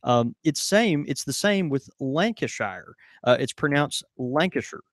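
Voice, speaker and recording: A man's voice: a little high, lively intonation, measured pace, no echo, clean studio sound. A man from the American South co-hosting a podcast in an easygoing way, often laughing as he talks. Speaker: podcast co-host. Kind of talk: casual chat.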